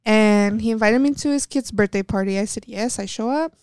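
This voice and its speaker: A woman's voice: mid-range voice, fairly quick, darkish tone, smooth, no room sound. A young woman from West Texas, a professional wrestler, candidly telling stories and acting out the dialogue, swearing freely. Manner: blunt, swears freely, acts out quoted dialogue. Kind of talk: candid storytelling chat.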